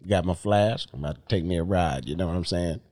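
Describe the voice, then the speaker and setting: A man's voice: low voice, quick pace, mellow, no echo, studio quality. A man co-hosting a casual podcast, cracking jokes and acting out quoted voices. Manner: joking, acts out quoted voices. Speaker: podcast co-host. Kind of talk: casual chat.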